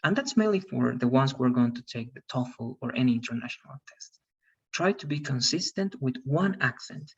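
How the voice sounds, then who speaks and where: A man's voice: mid-range voice, expressive, normal speed, slightly rough, lo-fi sound. A man teaching an English class online, explaining rules and often checking with "all right?".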